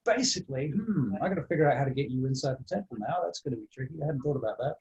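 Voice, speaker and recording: A man's voice: mid-range voice, lively intonation, very fast, darkish tone, dull audio. A man running a tabletop game as dungeon master, narrating and thinking aloud with many fillers.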